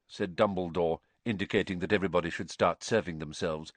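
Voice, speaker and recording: A middle-aged man narrating an audiobook in a measured, expressive way. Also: deep voice, no echo. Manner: expressive, measured, varied intonation.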